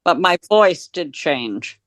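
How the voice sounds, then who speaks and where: A woman guest with a deep, husky voice, chatting candidly and laughing easily on a remote call. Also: animated, takes it slowly, fairly bright tone, dry recording. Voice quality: deep, husky voice changed by throat illness. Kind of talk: casual chat over a remote call.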